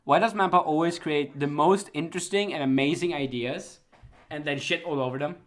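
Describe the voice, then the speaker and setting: A man's voice: on the high side, brisk, a bit bright. A young man co-hosting a casual anime chart chat, ranting with frequent laughter. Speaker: anime season chart co-host.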